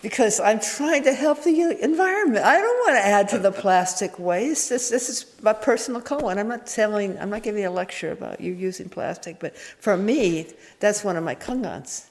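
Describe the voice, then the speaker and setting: Woman, Zen teacher, candid meandering talk, mid-pitched, echoing meditation hall. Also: animated, normal speed, few pauses. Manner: meandering and candid, with frequent restarts and chuckles. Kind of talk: informal dharma talk. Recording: echoey hall reverb.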